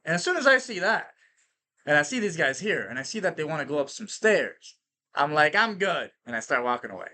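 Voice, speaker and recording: A man hosting a podcast, telling stories in an energetic, casual monologue that is full of profanity and tag questions like "right?". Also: fairly high pitch, brisk. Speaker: podcast host.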